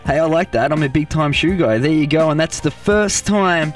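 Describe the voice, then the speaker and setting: A man's voice: on the high side, moderate pace, recorded from a distance, soft background music. An Australian man hosting a podcast, interviewing a guest in an upbeat, casual way. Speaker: podcast host.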